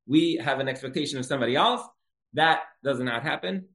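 A man's voice: mid-range voice, brisk, a bit bright. A man teaching a Torah lesson in a conversational storytelling style, repeating key phrases for emphasis. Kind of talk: religious lecture with storytelling.

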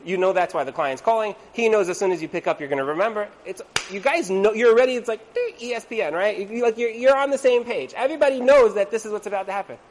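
Speaking fast and barely pausing, a man with a voice that sits high gives a casual evening talk on Torah and marriage. He's chatty, keeps asking "right?", and voices the people he quotes, with slight background noise in the recording.

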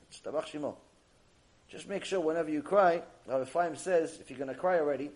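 A man giving a mussar lesson on Jewish ethics, animated and acting out little dialogues, reading Hebrew passages quickly. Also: on the high side. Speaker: Torah teacher. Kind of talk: mussar lecture.

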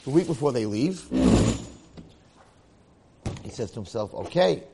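Man, religious lecturer, lively parable telling, mid-pitched voice. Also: unhurried, in a large hall, slight background noise. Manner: animated storyteller, acts out the characters' lines. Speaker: Torah lecturer. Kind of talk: storytelling lecture.

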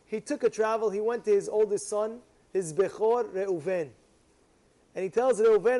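Excited high-voiced male storyteller. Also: moderate pace. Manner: enthusiastic, repeats and restarts phrases.

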